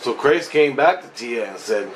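A man's voice: mid-range voice, animated, normal speed, a little hiss or hum, low-quality recording. A man telling a personal story in a rambling, agitated, profane way, restarting often. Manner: profane, agitated, restless retelling with frequent restarts.

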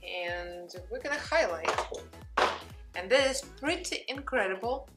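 A woman's voice: a little high, animated, unhurried, over loud music. A young adult woman with a Russian accent, chatting casually through a makeup tutorial and talking to her cat along the way. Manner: chatty, talks to her cat between steps. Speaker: beauty vlogger.

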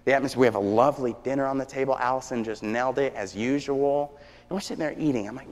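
Guy preaching a sermon, mid-pitched, lively stories, big church echo. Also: quick pace. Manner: lively storytelling that swings from hushed to shouting. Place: church sanctuary. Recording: long church reverb.

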